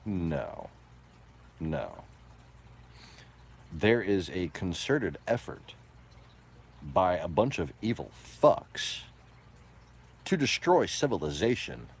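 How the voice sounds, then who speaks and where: A man delivering a profane, combative ranting monologue, moving between low mutters and loud outbursts.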